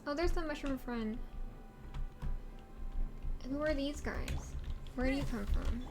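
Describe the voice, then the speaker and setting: A woman's voice: high voice, slow, music in the background. A woman streamer giving casual game commentary, rambling and giggly, asking herself questions as she plays.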